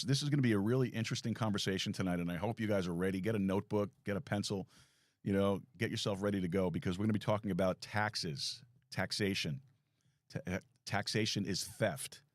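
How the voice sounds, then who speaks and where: A man's voice: deep voice, dry recording. A man hosting a live talk show from a small studio, telling a rambling self-deprecating story with many restarts.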